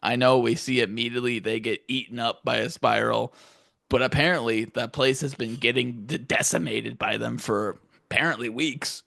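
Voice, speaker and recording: A man's voice: mid-range voice, steady tone, normal speed, gravelly, pushed and bright, no room sound, studio quality. A man co-hosting a casual podcast, laughing often, swearing freely and retelling scenes animatedly. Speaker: podcast co-host. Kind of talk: casual chat.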